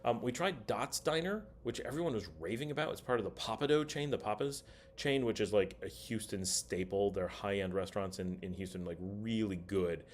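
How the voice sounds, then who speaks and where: A man's voice: fairly low pitch, fairly quick, slight background noise. A middle-aged man hosting a casual livestream, chatting and reading viewer comments aloud. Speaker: livestream host.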